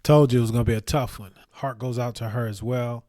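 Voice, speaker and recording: A man hosting, giving steady, earnest advice in a preacher-like manner. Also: medium pitch, quick pace. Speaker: host. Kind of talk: advice commentary.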